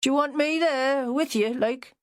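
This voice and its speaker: A woman performs a shy, unconfident man who gives short, diffident answers, raising her natural voice to a high pitch above her own. She speaks at a moderate pace in a studio-quality recording with no room sound.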